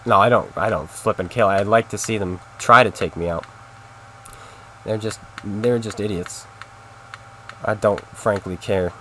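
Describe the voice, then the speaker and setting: Speaking slowly with long pauses, a man with a fairly low, somewhat bright voice chats casually with his stream audience while gaming. His live-stream commentary rambles along, and there's a little background noise.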